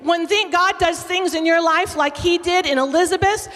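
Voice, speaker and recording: A woman preaching a sermon and reading scripture aloud with animated emphasis. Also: very high voice, normal speed, faint music behind. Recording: long hall reverb.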